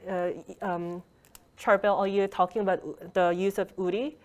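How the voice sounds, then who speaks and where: A woman's voice: mid-range voice, flat delivery, brisk. Woman lecturing on a video call. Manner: explains patiently, frequent fillers and restarts. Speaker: Korean language lecturer. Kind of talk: online workshop lecture.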